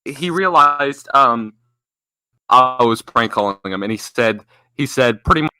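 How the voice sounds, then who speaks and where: Young man with a bright, forceful voice. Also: mid-range voice, expressive, clean tone, no echo. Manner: halting, hesitant delivery. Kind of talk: casual podcast chat.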